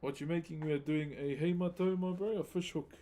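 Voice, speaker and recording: A laid-back man with a New Zealand accent, chatting casually with viewers on a live stream while he carves wood, greeting them by name in relaxed slang. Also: on the high side, brisk.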